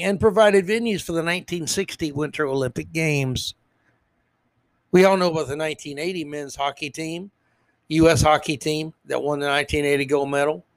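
A man's voice: fairly high pitch, no echo. Sarcastic, ranting male podcast host. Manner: sarcastic, emphatic, stumbles over words. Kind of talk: ranting political commentary.

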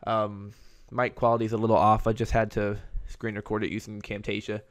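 A man with a lowish voice rambles through a solo podcast episode in a loose, chatty way. His delivery stays fairly flat, with little rise and fall. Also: a little fast. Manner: rambling and conversational. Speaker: podcast host. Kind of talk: casual solo podcast monologue.

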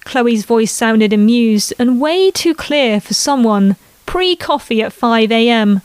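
A woman narrating a family story in an unhurried reading voice. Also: on the high side, animated, clean tone, no echo.

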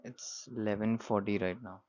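A man with a sore throat, talking slowly and quietly in a casual solo monologue, full of fillers and restarts. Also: steady tone. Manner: slow and low-voiced, many fillers and restarts. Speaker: podcast host. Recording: dull lo-fi recording.

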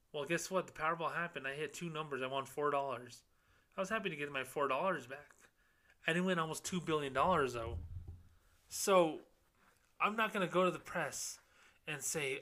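A man's voice: fairly high pitch, brisk, bright, forceful tone. A man hosting a podcast, ranting sarcastically about money and scams and mocking complainers in put-on quotes. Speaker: podcast host, former banker. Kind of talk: casual ranting monologue.

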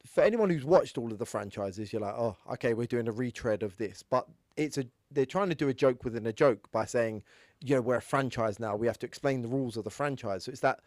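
A man's voice: medium pitch, a little fast, a little mellow, dry recording, studio quality. A man chatting casually about films, explaining at length with many restarts. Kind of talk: casual film discussion.

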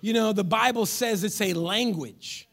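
Animated high-voiced preaching man. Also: unhurried, vocal fry. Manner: animated, storytelling, breaks into shouts. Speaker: pastor. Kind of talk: sermon.

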